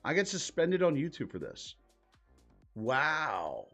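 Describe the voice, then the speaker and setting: A man's voice: on the high side, wildly swooping pitch, takes it slowly, a bit bright, faint music behind. Exasperated, profane man on a live stream. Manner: profane, exasperated, thinking aloud while clicking around. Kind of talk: casual live-stream commentary.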